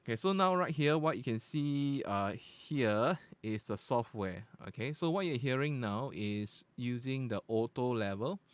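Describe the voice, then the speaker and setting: A man's voice: mid-range voice, animated, unhurried, hardly any pauses, smooth, no room sound. A man recording a casual product review at his desk, explaining each feature step by step into a USB podcast microphone. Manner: explains step by step in a chatty, informal way. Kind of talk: casual tech review demonstration. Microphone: studio USB podcast microphone at close to medium distance.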